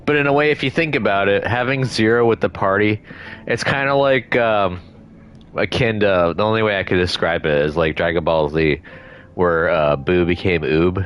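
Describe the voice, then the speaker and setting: A man's voice: low voice, a bit bright, clear, resonant tone. A young man chatting casually while playing a game, rambling in asides and reading the characters' lines aloud. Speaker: streamer.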